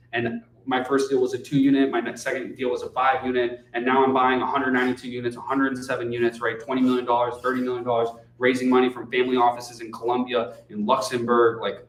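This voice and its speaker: A male investor speaking loosely and conversationally to a meetup crowd at a middle pitch. He is heard from a distance in a room with a strong echo. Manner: loose, conversational, keeps asking "right?"; swears casually. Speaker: guest speaker, real estate investor. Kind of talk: casual talk at a meetup. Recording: echoey room, distant mic.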